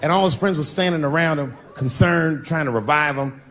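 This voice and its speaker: Profane stand-up comic man, lively. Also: fairly high pitch, fairly quick. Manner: profane, animated storytelling with acted-out voices. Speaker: stand-up comedian. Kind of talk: stand-up comedy set. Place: comedy club stage. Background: audience laughter.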